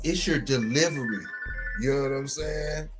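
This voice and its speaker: A man in relaxed podcast conversation, talking slowly through his thoughts with lots of "you know" and "man". His voice sits a little high, and soft music plays faintly underneath. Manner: laid-back, many fillers and laughs. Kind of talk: casual chat.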